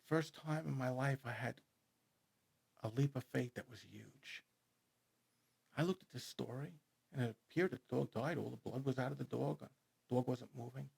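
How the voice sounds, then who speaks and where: A man with a New York accent, a guest author telling his story in a studio interview, animated and rambling. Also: medium pitch, normal speed, long pauses. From New York City. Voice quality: gravelly, husky. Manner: animated, rambling storyteller who speeds up and gets loud when excited.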